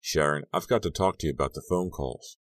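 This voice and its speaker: A man reading as a battered, troubled teenage boy in a horror audiobook, with a voice that sits extremely deep. He sounds subdued and earnest, pleading when pressed, all in a dry, close recording. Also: a little fast, dry recording. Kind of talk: audiobook narration.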